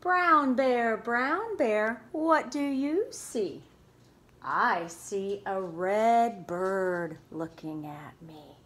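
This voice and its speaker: A woman's voice: medium pitch, expressive, fairly bright tone. A woman preschool teacher reading a picture book aloud to young children, with playful asides and questions. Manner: slow, sing-song storytime voice with playful asides.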